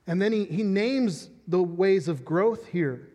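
A man's voice: high voice, animated, slow, warm tone. A man preaching a sermon as pastor, teaching earnestly and often restarting phrases. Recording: reverberant hall.

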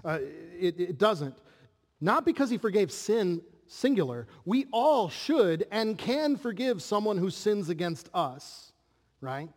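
A male pastor delivers an earnest sermon, often turning to his listeners with rhetorical questions. His voice sits a little high for a man. The recording carries a long reverb from the hall. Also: very animated, slow, a little mellow.

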